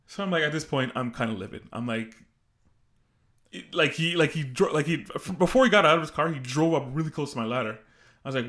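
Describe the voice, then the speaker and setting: A young man co-hosting a podcast, telling a work story in a rambling, animated way with frequent restarts. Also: a little high, fast talker. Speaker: podcast co-host. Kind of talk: casual storytelling chat.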